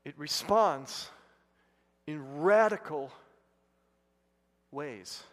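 A male pastor preaching a sermon, telling a personal story and rising to loud, excited bursts. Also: fairly high pitch, very slow. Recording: long hall reverb.

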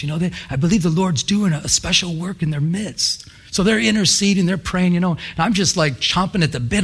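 A pastor telling a story in a sermon, quoting scripture, lively at times and hushed at others. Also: male voice, a little high, fast, husky. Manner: animated, quotes scripture, drops to hushed intensity.

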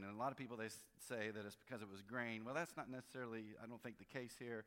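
A man's voice: medium pitch, fairly quick, fairly bright tone. Male pastor, conversational sermon delivery, mid-range voice, long reverb of a large hall. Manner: conversational, with frequent restarts and varied emphasis.

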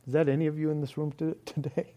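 A man preaching a sermon, slow and earnest, often dropping to soft, hushed words. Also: on the high side, flat delivery. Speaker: pastor. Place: church hall.

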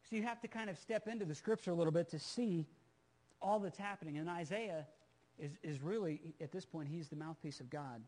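A man's voice: on the high side, a little fast, a little mellow. A man preaching a Bible-teaching sermon, earnest and emphatic, repeating phrases for stress and talking directly to his listeners. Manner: conversational asides to the listeners.

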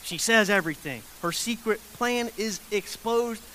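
A man's voice: sits high, normal speed, bright, forceful tone. A man preaching a sermon in a conversational way. He repeats his phrases, checks in with his listeners, and acts out the people in the story. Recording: faint hiss.

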